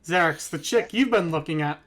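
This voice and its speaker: A man's voice: on the high side, lively intonation, brisk, fairly bright tone. A man narrating as game master in a tabletop role-playing game, casual, laughing often and swearing freely.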